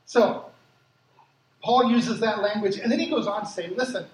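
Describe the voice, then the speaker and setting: A man who grew up in Africa, preaching a sermon with lively personal stories and acted-out quotes, as a pastor. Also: sits high, normal speed. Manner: lively storytelling, acts out quotes. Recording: echoey hall from far off, faint ambience.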